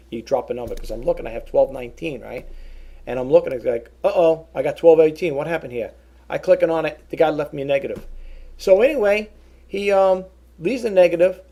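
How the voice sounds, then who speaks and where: A middle-aged man rants to his vlog audience about a grievance, rambling and restarting his sentences as he quotes both sides of a phone call. His voice sits a bit high and sounds gravelly and husky. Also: a little mellow. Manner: repeats and restarts words, rambling. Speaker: vlogger. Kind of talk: casual ranting vlog.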